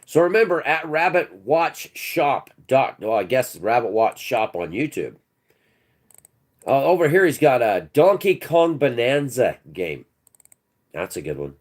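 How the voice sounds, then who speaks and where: A man's voice: medium pitch, big pitch swings, measured pace. A man hosting his own channel, ranting and mocking a commenter in a scornful, profane way. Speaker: channel host.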